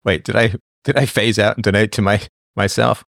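In a dry, echo-free studio recording, a middle-aged man hosts a casual livestream, fielding viewer questions with blunt advice, frequent laughter and off-topic tangents. His lowish, fairly bright voice carries vocal fry, moving fairly quickly with fairly even intonation.

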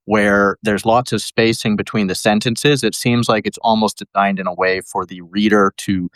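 A man's voice: on the low side, steady tone, moderate pace, a bit bright, dry recording. A man calling in to a talk show, hesitant, with many ums and uhs. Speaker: caller. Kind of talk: call-in conversation.

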